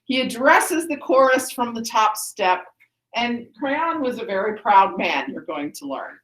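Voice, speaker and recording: A woman's voice: a little high, very animated, unhurried, a bit bright. A woman teacher explaining a play to students in a classroom, often checking with "okay?". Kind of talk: classroom lesson. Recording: echoey classroom.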